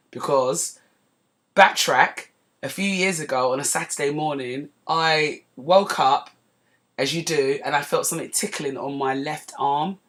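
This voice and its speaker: A woman hosting a podcast, telling a personal story in a chatty, digressive way that turns animated as she relives it. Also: deep voice, unhurried. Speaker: podcast host. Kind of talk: casual storytelling monologue.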